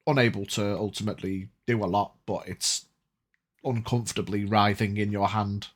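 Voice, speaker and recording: A man narrating as game master of a tabletop game, laid-back and unhurried. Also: on the low side, fairly bright tone.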